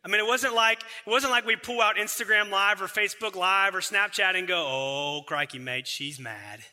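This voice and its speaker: A man preaching a sermon as pastor, emphatic and building to loud repeated phrases. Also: high-pitched, level tone, brisk, in a large hall.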